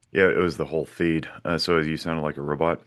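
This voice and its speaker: Man, podcast host, extremely deep voice, casual rambling questions, video call. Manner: loose, rambling questions with restarts. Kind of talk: casual interview chat.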